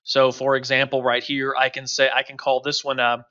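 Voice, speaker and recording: A man's voice: mid-range voice, monotone, normal speed, sharp tone, clear, resonant tone, muffled recording. A man teaching a recorded course lecture over slides, talking loosely with many fillers and restarts. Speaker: instructor.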